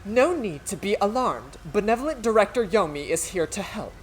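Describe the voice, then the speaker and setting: A woman's voice: medium pitch, sing-song, moderate pace, faint music behind, natural voice. A woman voicing a vain, pompous male director who praises himself grandly. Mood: smug.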